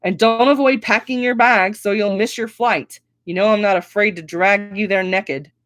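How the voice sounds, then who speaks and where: A woman's voice: mid-range voice, fairly even intonation, normal speed, fairly bright tone, no echo, studio quality, pitched above the performer's own voice, natural voice. A woman reading a firm, weary mother. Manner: firm, final.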